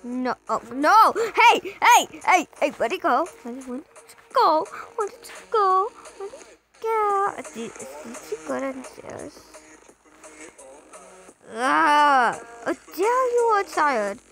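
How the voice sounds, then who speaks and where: A high, sing-song, creaky voice with a fairly bright tone, slow and captured in a rough recording over game music. The young woman narrates her play aloud in a parent role, chatty, bursting into repeated words and sudden yelps.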